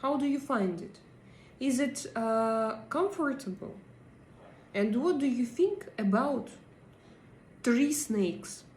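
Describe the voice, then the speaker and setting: A woman hosting a live stream and chatting with viewers, hesitant and pausing often as she searches for her English words. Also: a little high, animated, darkish tone, echoey room, slight background noise, rough recording. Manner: hesitant, many pauses and fillers while searching for English words. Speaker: livestream host. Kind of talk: casual live chat, answering viewer comments.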